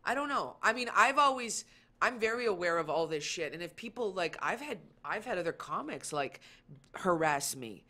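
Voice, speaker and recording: A woman comedian chatting casually as a guest, telling anecdotes in an animated way and acting out the lines of the people in them. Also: lowish voice, moderate pace. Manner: animated storytelling, acts out quoted lines. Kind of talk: casual chat.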